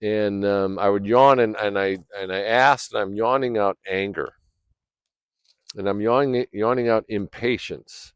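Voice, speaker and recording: A man telling a personal story in a rambling, casual way, clearing his throat often, recorded outdoors by a fire. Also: on the low side, measured pace, no echo. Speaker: vlogger.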